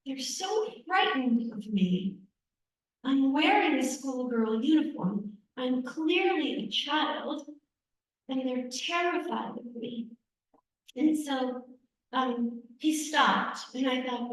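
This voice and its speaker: High-voiced woman telling a story in an echoey hall. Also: expressive, slow pace. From United States. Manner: conversational, vivid storytelling with repetitions for emphasis. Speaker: invited speaker. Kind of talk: personal storytelling talk. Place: church hall. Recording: echoey hall, speaker far from mic.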